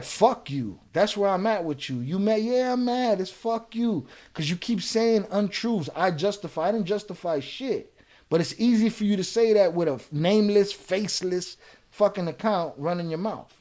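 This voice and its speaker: A man hosts his own live reaction stream, his voice sitting a little higher than most men's. He swings from laid-back explaining, full of "you know," to profane, heated comebacks at viewers in the chat. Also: a little mellow. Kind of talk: casual live-stream chat, reading and answering viewer comments.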